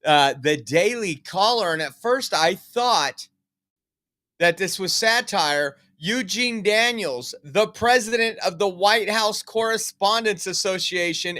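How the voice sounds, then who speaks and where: A man's voice: high-pitched, a bit bright. A man giving casual political news commentary, reading out articles, emphatic and rambling with many fillers.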